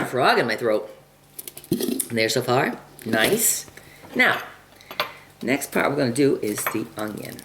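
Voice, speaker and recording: A woman giving a casual cooking demonstration in her home kitchen, chatting and clearing her throat often. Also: very deep voice, sing-song, slow pace, pauses often. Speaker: home cook demonstrating a recipe. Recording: home video with kitchen noise. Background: chopping, dishes and cutlery clatter.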